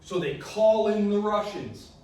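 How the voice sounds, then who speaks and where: A man's voice: sits high, animated, mellow. Casual man lecturing in an echoey hall. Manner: casual, joking, acts out countries in quick asides. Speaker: history lecturer. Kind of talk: classroom lecture. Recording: very echoey hall, recorded from a distance.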